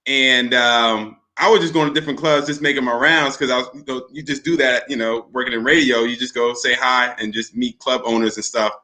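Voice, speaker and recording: A man's voice: medium pitch, fairly even intonation, fairly quick, few pauses, bright, forceful tone. A man in his thirties, a radio host, chatting casually on a podcast with playful slang and frequent laughs. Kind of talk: casual chat.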